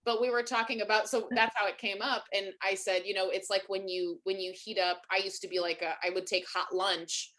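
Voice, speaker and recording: A woman's voice: mid-range voice, brisk, few pauses. A woman hosting a webinar in casual conversation, telling stories animatedly and filling her talk with "you know" and "like". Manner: animated storyteller, acts out quoted voices; many fillers like "you know" and "like". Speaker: webinar host.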